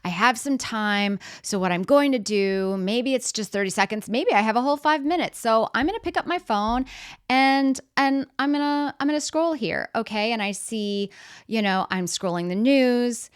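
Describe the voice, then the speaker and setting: A woman's voice: on the high side, normal speed, smooth, no echo, studio quality. A middle-aged woman giving a motivational talk in a conversational way, acting out everyday scenes and putting questions to the audience. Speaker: speaker.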